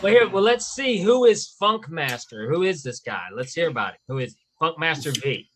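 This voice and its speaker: A man's voice: fairly high pitch, big pitch swings, normal speed, fairly bright tone, slight background noise. A man hosting a podcast interview, folksy and hesitant with lots of fillers. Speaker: podcast host. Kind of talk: casual interview chat.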